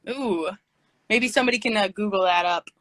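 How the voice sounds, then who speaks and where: Streaming from her phone, a woman hosts a casual livestream chat, giggly and a bit scattered as she reads fan questions aloud. Her mid-range voice is brisk and fairly bright, with no echo but a rough recording.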